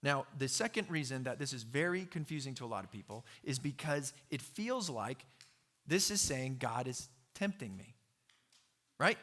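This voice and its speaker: As pastor, a man delivers a sermon in a conversational, storytelling style full of filler words and asides. His mid-range voice is fairly bright, with lively intonation and a moderate pace.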